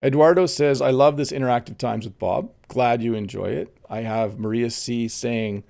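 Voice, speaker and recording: A man hosting a relaxed live-streamed English lesson while playing a game, explaining words plainly and reading viewer comments aloud. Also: mid-range voice, moderate pace, gravelly. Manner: frequent "um" and "let's see" as he looks around. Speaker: English teacher and host.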